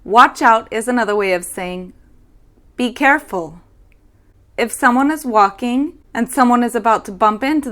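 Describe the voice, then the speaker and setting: Woman, young adult, English lesson host, slow deliberate delivery, raised pitch. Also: fairly bright tone. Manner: slow, careful demonstration of phrases. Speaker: English teacher. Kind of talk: language lesson.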